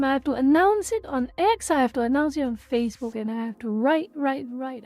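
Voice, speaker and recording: Brief: woman streamer, fairly high voice, mellow tone, exasperated and repetitive ranting. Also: a little fast, few pauses, no echo, soft background music. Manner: exasperated, repeats herself, rants aloud. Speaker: livestream host. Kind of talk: casual livestream chat.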